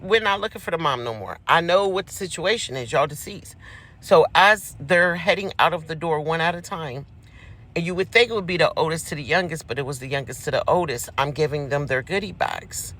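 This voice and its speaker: A man's voice: a little high, brisk, bright, forceful tone. A man telling a personal story in a casual, chatty way, speaking straight to the audience.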